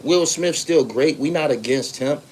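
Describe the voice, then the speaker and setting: A man's voice: on the high side, moderate pace, darkish tone. East Coast man in his forties hosting a podcast, casual and profane, acts out his stories, faint hum behind. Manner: loose, profane storytelling with acted-out voices. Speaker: podcast host. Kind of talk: casual livestream chat reading comments.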